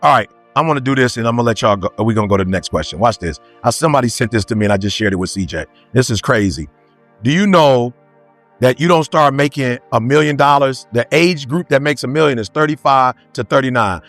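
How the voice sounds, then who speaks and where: A man's voice: mid-range voice, fast, fairly bright tone, dry recording, soft background music. A man giving a motivational talk to a live audience, firing off rhetorical questions in casual street slang. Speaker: motivational speaker.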